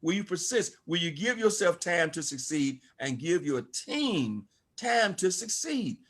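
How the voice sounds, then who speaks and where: A man's voice: sits high, very animated, unhurried, a bit bright. An older man giving an emphatic, preachy motivational talk to an online audience as a network marketing speaker. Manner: preachy, emphatic, calls out to listeners.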